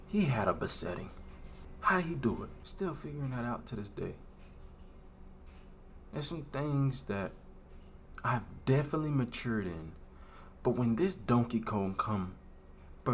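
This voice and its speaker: Earnest, emotional low-voiced young man. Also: slight background noise. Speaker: faith vlogger. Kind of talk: confessional vlog talk.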